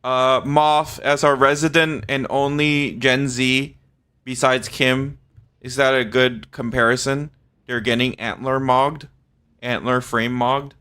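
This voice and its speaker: A man's voice: medium pitch, flat delivery, takes it slowly, pushed and bright, clean tone. A man in his forties chatting casually with his live-stream audience, laughing often and swearing freely.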